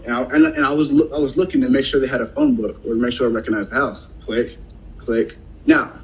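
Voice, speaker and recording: A man casually telling a personal story in a conversation, animated and acting out what other people said. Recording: dull lo-fi sound, faint rumble.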